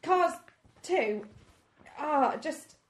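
A woman's voice: sits high, lively intonation, very slow, background noise. A woman co-hosting a casual film review chat, hesitant and losing her words. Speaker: podcast co-host.

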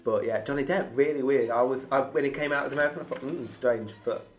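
A man in a casual film chat, giving a measured, steady critique. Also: medium pitch. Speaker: film podcast panelist.

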